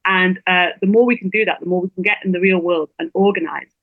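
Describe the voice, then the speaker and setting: Fast-talking woman on a tinny phone line. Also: on the low side, fairly even intonation, dry recording. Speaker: guest blogger. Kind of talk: interview over a phone line.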